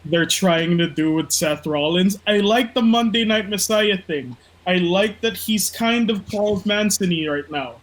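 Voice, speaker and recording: On a rough, slightly bright recording, a high-pitched man speaks at a measured pace with few pauses. He co-hosts a casual Philippine wrestling podcast, full of profane rants and mock impressions.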